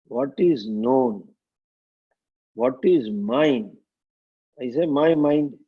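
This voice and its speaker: A man, a swami, giving a slow and deliberate scripture lecture with frequent chuckles, heard over tinny phone-like sound. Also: medium pitch, creaky, husky.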